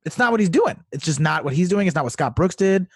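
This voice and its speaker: A man co-hosting a casual sports podcast, talking in a quick, excitable, animated way. His voice sits a bit high for a man, and the sound is dry and close with no room echo. He swears freely as he talks. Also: husky. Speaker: podcast co-host. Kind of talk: casual chat.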